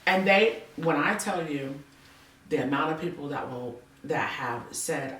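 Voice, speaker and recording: A woman hosting a casual faith-based interview, animated and playful, acting out quotes with big jumps in her voice. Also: low-pitched, unhurried, echoey room, distant mic, poor audio. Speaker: podcast host.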